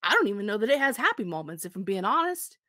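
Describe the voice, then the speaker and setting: A woman's voice: medium pitch, big pitch swings, fast talker, bright, forceful tone, no room sound, clean studio sound. A woman book vlogger recommending books to camera in a casual, enthusiastic chat full of swearing. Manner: enthusiastic, profane, chatty.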